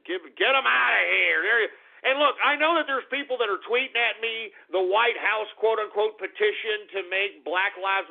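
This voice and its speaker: A man hosting an internet radio talk show, ranting with profanity and sudden angry shouting bursts. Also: sits high, gravelly. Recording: tinny lo-fi phone-like audio.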